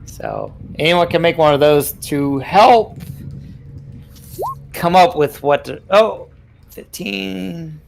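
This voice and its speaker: A man's voice: a little high, big pitch swings, slow pace, creaky, long pauses, faint music behind. A man running a tabletop role-playing game as game master, checking rules and narrating scenes.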